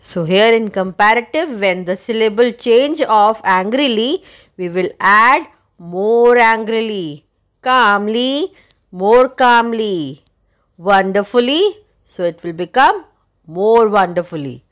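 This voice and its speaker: A woman's voice: a little high, animated, takes it slowly. A woman teacher explaining a grammar lesson, spelling out letters and addressing her students.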